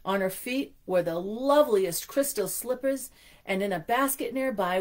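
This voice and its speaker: Gushing storytime woman with a lively voice. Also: medium pitch. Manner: gushing, chatty asides. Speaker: storytime host. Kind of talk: reading a picture book aloud.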